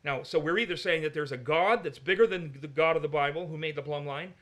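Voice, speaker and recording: Man, Bible teacher, fairly high voice, argumentative and emphatic in discussion. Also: fast, a bit bright.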